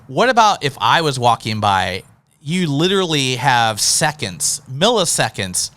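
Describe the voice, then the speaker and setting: A male host in a casual interview chat who tells stories in an animated way, acting out little scenes as he goes. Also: mid-range voice, measured pace. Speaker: podcast host.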